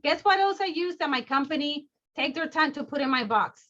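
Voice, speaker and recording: A bubbly, excitable woman runs a sales training session over a video call, her voice high and bright. She stays at high energy the whole time. The audio is slightly dull and lo-fi. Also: fairly quick.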